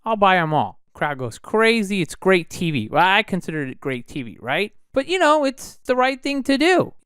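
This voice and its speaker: A man hosting a solo podcast, chatty and animated, his pitch jumping up and down to stress his points. His voice is smooth and resonant. It is recorded dry and close, with no room sound. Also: normal speed, no echo. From United States. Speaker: podcast host.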